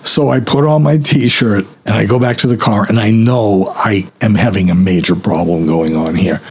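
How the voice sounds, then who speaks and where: A man's voice: on the low side, normal speed, a little mellow, husky. A man casually telling a rambling, self-mocking personal story, acting out the other people in it. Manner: rambling, self-mocking, acts out quoted voices. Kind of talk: personal anecdote told casually.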